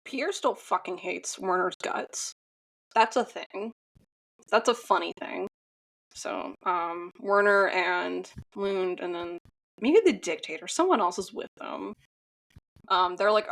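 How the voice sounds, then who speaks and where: A woman co-hosts a podcast, recapping a film in a loose, rambling way packed with fillers and blunt swearing. Her voice sits on the low side and is slow, creaky, and slightly bright.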